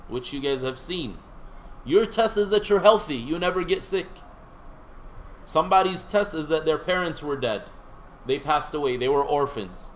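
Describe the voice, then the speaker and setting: A man with a somewhat high voice gives a relaxed classroom lecture. He talks in a conversational way, stops to quiz the students in the room, and drops in light joking asides. A faint hiss sits under his voice. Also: rough recording. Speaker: seminary teacher.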